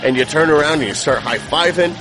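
A man's voice: fairly high pitch, brisk, over music. A man who is a devoted sports fan, speaking earnestly and fervently in an interview. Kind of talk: interview storytelling.

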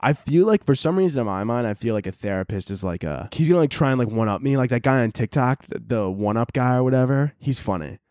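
Young man, podcast host, rambling comedic monologue, lots of filler, middle pitch, dry close mic. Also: animated, fast, hardly any pauses, a little mellow, no room sound. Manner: rambling, heavy on filler, acts out bits in quoted voices.

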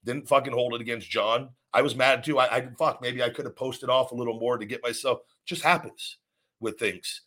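A man's voice: mid-range voice, fairly even intonation, a little fast, bright, forceful tone. A man hosting his own podcast, delivering a blunt, profanity-heavy rant with frequent restarts and repetition. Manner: repeats himself and restarts sentences. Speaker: podcast host.

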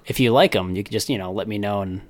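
A man's voice: lowish voice, fast talker, no room sound. A man co-hosting a casual podcast, rambling and losing his train of thought as he chats. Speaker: podcast co-host. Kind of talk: casual chat.

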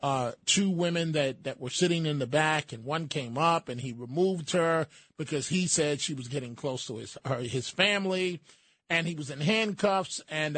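A man's voice: on the high side, fairly bright tone, no echo. A man hosting an opinionated news commentary show, talking in a sardonic, emphatic way with frequent fillers and restarts. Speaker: host.

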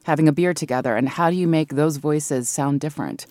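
Low-voiced woman audiobook narrator. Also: a little fast, a little mellow. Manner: thoughtful, explanatory, laughs easily. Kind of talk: interview conversation. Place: home recording booth. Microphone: studio microphone.

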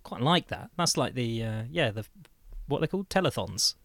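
A man co-hosting a podcast, pitching an idea eagerly in casual chat with many restarts. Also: lively intonation, normal speed, fairly bright tone, no echo, clean studio sound. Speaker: podcast co-host.

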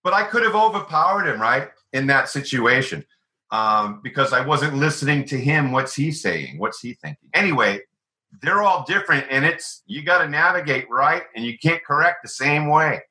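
A man, an author and guest, explaining ideas through animated stories and acted-out quotes. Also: fairly high pitch, moderate pace, rough recording. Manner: animated, acts out quoted voices. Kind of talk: conversational storytelling.

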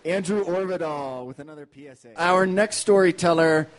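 A man hosting a live storytelling show, relaxed and introducing the next act with a few "uh"s. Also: a little high, normal speed, a faint crowd. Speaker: host.

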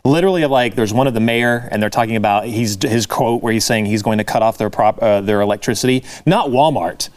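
A man of middle pitch co-hosting a casual talk show discussion. He rambles, restarts his sentences, and drops in sarcastic asides. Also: a little fast, hardly any pauses. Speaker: co-host.

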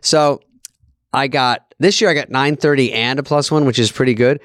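A man's voice: medium pitch, moderate pace, a bit bright. Guy rambling through funny stories on a podcast, pokes fun at himself, mid voice. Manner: rambling, self-deprecating storyteller. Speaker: podcast co-host. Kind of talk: casual comedic chat.

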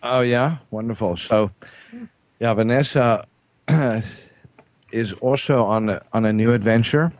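A South African man hosting a studio talk show, hesitant, with frequent throat clearing and fillers. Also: mid-range voice, unhurried, pauses often, dry recording. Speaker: host. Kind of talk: casual radio talk show.

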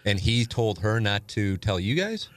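A man hosts, asking short, prompting questions in a fairly low voice. The sound is dry and close, with nothing heard around him. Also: very animated, normal speed, no echo. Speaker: podcast host. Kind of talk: interviewing.

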